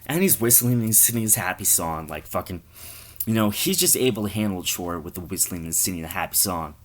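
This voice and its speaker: Rambling male comic storyteller, crude, very lively pitch. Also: brisk. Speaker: comedy storyteller.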